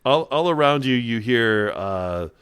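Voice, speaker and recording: A man's voice: medium pitch, animated, a little slow, fairly bright tone, clean tone, dry recording. A man narrating as game master of a tabletop game, rambling through his descriptions with lots of fillers and restarts.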